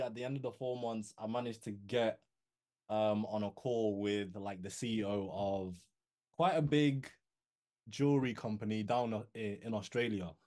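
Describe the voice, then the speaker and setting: Young man telling a casual story. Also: medium pitch. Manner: animated storyteller, says "bro" and "yo". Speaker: guest copywriter.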